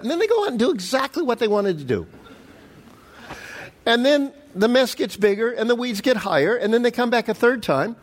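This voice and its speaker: A middle-aged male pastor preaching a sermon, animated and storytelling, acting out the quotes. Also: very high-pitched, brisk.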